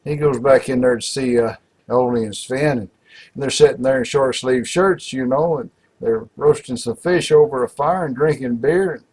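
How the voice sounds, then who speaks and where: A man with a husky, breathy voice tells a long joke. His delivery is folksy and rambling, padded with filler words as he builds up to the punchline. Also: mid-range voice, moderate pace, a little mellow, rough recording. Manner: folksy, rambling, full of "you know" and "uh". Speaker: joke teller. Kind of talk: telling a joke.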